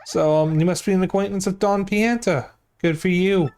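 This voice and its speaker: A man's voice: sits high, steady tone, moderate pace, a little mellow, clean tone. A man voicing a fussy male doorman in a game, chipper and mock-formal.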